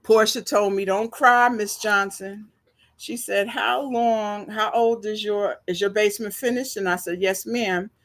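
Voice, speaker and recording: An older woman, telling a story to her viewers in a slow, chatty, emotional way, teary and sniffling. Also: mid-range voice, steady tone. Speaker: vlogger.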